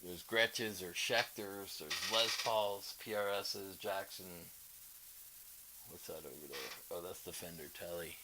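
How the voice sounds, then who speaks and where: A man's voice: deep voice, measured pace, very noisy. A man guitarist chatting casually on a live stream, rambling, greeting viewers and showing licks. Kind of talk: casual livestream chat.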